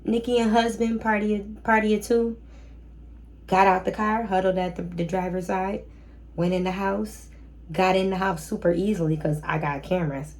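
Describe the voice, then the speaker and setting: Young woman, gravelly voice, sassy storytime vlog, slangy asides. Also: medium pitch, moderate pace. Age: young adult. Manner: animated, sassy, talks straight to the viewer with slangy asides. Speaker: short-term rental host.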